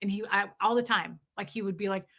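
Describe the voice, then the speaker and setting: A woman in her thirties casually telling stories to her viewers, animated and candid, swearing now and then. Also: mid-range voice, fast talker. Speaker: vlogger.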